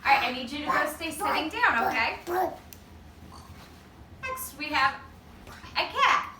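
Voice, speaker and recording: A woman teacher leading circle time for toddlers, talking slowly and encouragingly in a sing-song way. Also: high-pitched, very animated, echoey room, distant mic, noisy background. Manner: sing-song, slow and encouraging with small children. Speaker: preschool teacher.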